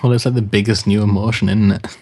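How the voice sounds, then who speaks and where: A man's voice: on the low side, flat delivery, fast, a little mellow. A man playing a tabletop game, chatting casually and rambling between laughs. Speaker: player. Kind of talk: casual chat.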